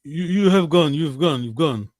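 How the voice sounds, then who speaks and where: A man's voice: fairly high pitch, animated, normal speed, darkish tone, dry recording. Patient male teacher with a dry close voice. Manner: patient, corrective, repeats "yes?". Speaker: language teacher. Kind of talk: online language class. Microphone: computer on a video call.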